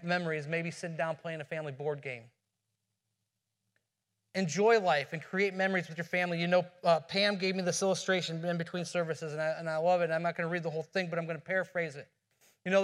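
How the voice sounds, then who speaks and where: A man's voice: sits high, a bit bright. A man preaching a sermon as pastor, earnest, asking rhetorical questions and often restarting his phrases. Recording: long hall reverb.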